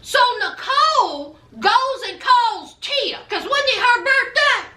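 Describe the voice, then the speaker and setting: Sassy woman recap host, high and bright voice, roomy echo. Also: very animated, slow. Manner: sassy, gossipy. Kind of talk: casual chat.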